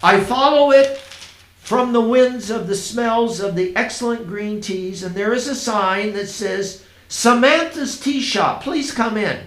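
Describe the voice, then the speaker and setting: A man reading his own first-person story aloud, in a dreamy, unhurried storytelling manner. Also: sits high. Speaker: narrator. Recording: roomy echo.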